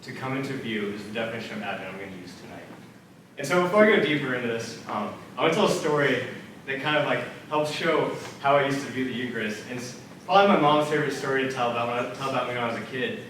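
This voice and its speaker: A man's voice: medium pitch, quick pace, a bit bright, a little hiss or hum. Young man, casual earnest storyteller, faith talk, very echoey room, mic at a distance, faint ambience. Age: young adult. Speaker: student speaker. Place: multipurpose room at a church center.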